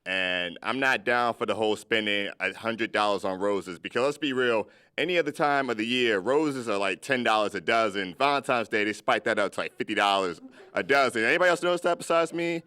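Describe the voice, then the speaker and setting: Bright-toned young comedian, low voice. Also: male voice, fairly quick, clear, resonant tone, no echo. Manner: joking, self-mocking. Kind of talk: comedy sketch banter.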